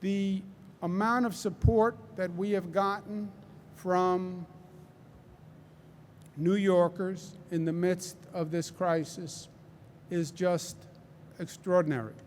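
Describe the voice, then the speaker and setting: A man's voice: sits high, fairly even intonation, takes it slowly, long pauses, darkish tone, a little hiss or hum. A man with a Queens New York accent giving a public press briefing, emphatic and repeating key phrases for stress. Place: large indoor hall.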